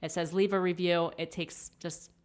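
A woman in her thirties co-hosting a parenting podcast, chatty and quick to laugh as she tells a story about her kids. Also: on the low side, level tone. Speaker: podcast co-host. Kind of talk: casual podcast chat.

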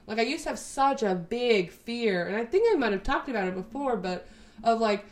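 A woman's voice: on the high side, animated, moderate pace. A woman in her twenties from Texas, chatting casually to her camera in a rambling, sweary way, full of "like". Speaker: vlogger.

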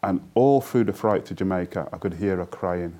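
A middle-aged man speaks as an interview guest, his low voice mellow and rounded. He talks earnestly, telling stories and slipping into recitation of his own poetry. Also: moderate pace. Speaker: guest, poet. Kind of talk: interview conversation.

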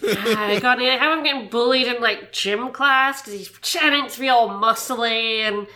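Bright, chatty woman podcaster. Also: on the high side, normal speed. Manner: chatty, animated, self-interrupting. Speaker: podcast co-host. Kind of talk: casual movie-review chat.

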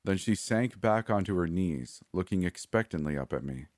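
A man with a very deep, low voice reads a horror story at a steady, measured pace. The sound is dry and close, with no room echo. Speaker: narrator. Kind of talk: scripted horror narration.

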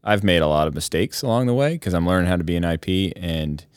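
A man's voice: low voice, fast talker, clear, resonant tone, no echo, studio quality. A man who is an instructor pilot, speaking reflectively in a casual roundtable chat.

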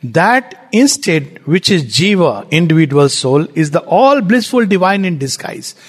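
High-voiced Indian man lecturing in a reverberant hall. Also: a little slow. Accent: Indian English. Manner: animated, explanatory, with rhetorical questions. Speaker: spiritual teacher. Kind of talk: spiritual lecture.

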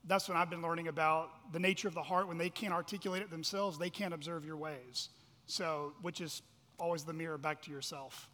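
A man's voice: a little high, fairly even intonation, brisk, bright, forceful tone. A man co-leading a church workshop as pastor, speaking reflectively and quoting scripture. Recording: reverberant hall.

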